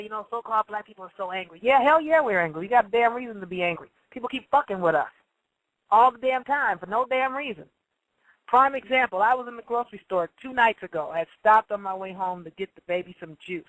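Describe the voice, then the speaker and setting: A woman's voice: mid-range voice, fairly bright tone, no room sound, low-quality recording. A woman hosting a casual monologue who tells stories bluntly, swears freely and acts out the voices of the people she quotes. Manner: blunt storytelling, profane.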